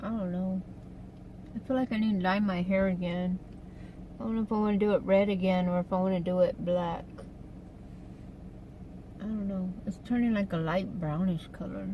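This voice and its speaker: A woman's voice: medium pitch, fairly even intonation, normal speed, long pauses, mellow, slight background noise, poor audio. A woman chatting casually in her car on an eating-show vlog, rambling along with fillers and asides. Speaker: vlogger. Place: inside a parked car.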